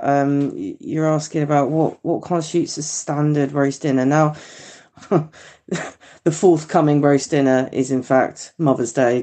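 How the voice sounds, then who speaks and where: British woman rambling in a voice note, swears a lot, lowish voice. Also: dark tone. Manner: chatty, sweary, rambling and self-mocking. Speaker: caller leaving a voice message. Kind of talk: casual voice note.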